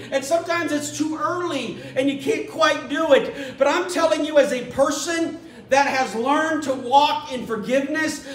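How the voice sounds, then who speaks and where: Male pastor, animated sermon delivery, high-pitched voice, echoey church recorded from a distance. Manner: animated, acts out a scripture story in little voices.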